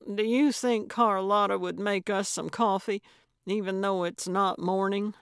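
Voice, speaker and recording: A woman voicing a feisty, self-assured older female sleuth, brash and excitable, in a storybook reading. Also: mid-range voice, a little slow, clear, resonant tone, no echo, studio quality, lightly acted.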